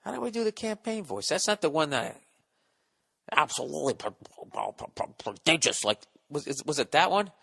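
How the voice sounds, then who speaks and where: A man's voice: a little high, very animated, a little fast, gravelly, bright, forceful tone, breathy edge. A middle-aged man hosting a solo podcast, ranting profanely and sarcastically while he reads listener mail and mocks himself. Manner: profane, sarcastic, self-mocking rants. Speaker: podcast host.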